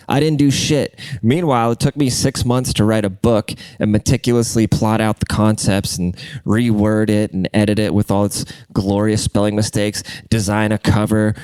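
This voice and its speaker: Speaking in a smooth, fairly low voice, a young podcast host delivers a casual solo rant with no room sound. He sounds congested and rambles crudely, moving between loud outbursts and muttering.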